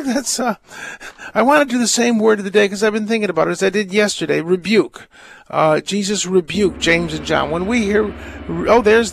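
An older man with a gravelly, slightly high voice hosts a call-in radio show as a priest. He talks casually and rambles, laughing often and tripping over his words. The sound is dry and close. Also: no echo.

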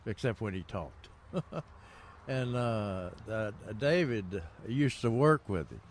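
A man's voice: lowish voice, animated, slow, a little hiss or hum. An older man co-hosting a gardening radio show, telling rambling stories with lots of fillers and chuckles. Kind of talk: casual radio chat.

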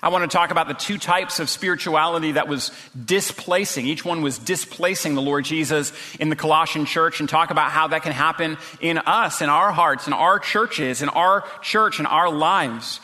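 A man's voice: fairly high pitch, normal speed, few pauses, pushed and bright, in a large hall. A man preaching a sermon as pastor, earnest and full of rhetorical questions.

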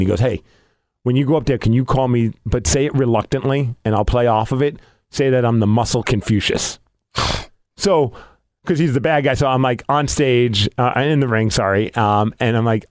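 A man co-hosting a casual podcast, telling a story with animated, acted-out dialogue. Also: mid-range voice, dry recording, clean studio sound. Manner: animated storytelling, acting out quoted lines.

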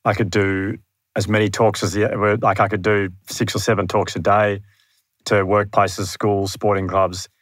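Aussie guy on a podcast, low voice, dead dry room, earnest and a bit self-deprecating, tells it like a story. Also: level tone, moderate pace, no echo. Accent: Australian. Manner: earnest, self-deprecating, acts out his own past thoughts. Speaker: podcast guest. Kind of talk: candid storytelling in conversation. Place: room near his home.

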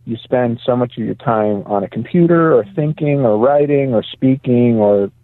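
A man's voice: mid-range voice, normal speed, dry recording. Male pastor on a phone-in, chatty storyteller, sounds like a thin call from a parked car. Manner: chatty, anecdotal, laughs easily. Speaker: guest pastor. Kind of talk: casual storytelling. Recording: tinny phone line.

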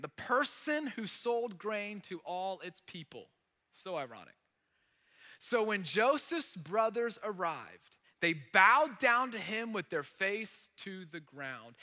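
A man preaching a sermon, telling the story in an animated, conversational way with dramatic emphasis. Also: high-pitched, long reverb tail. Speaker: pastor.

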